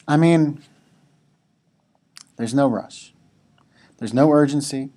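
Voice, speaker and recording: Slow, easygoing male devotional speaker. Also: medium pitch, warm tone. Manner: conversational, with casual asides to the students. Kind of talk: devotional talk to students.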